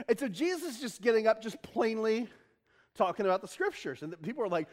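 A man's voice: very high voice, animated, fast. A man preaching a casual, conversational sermon, chuckling often and wandering into folksy asides. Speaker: pastor.

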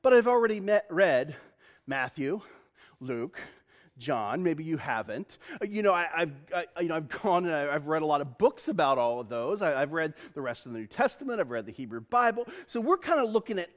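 A man's voice: fairly high pitch, sing-song, brisk. A man preaching a sermon as pastor, chatty and self-deprecating, laughing often and restarting his sentences.

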